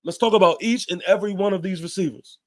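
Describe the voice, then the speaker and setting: Heated high-voiced man ranting post-game. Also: fast. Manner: heated, emphatic, repeats points, casual swearing. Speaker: fan show host. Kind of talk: post-game fan rant.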